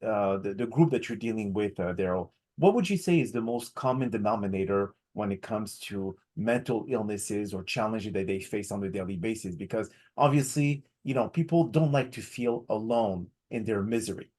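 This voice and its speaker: A man's voice: on the low side, moderate pace, hardly any pauses, a little mellow. A man hosting a podcast, asking questions and explaining at length in an earnest way. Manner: earnest, explanatory, repeats words in lists. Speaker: podcast host. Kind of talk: casual interview.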